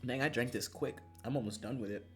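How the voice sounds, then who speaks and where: A game streamer chatting while playing a visual novel, swinging between loud rants and quiet mumbles, swearing freely and laughing often. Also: medium pitch, fairly quick, soft background music.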